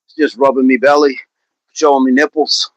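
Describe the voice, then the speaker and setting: A man's voice: mid-range voice, level tone, moderate pace, no echo, natural voice, rough recording. A man putting on a put-on Australian accent, voicing a cheeky, carefree bloke who sounds breezy and falsely innocent.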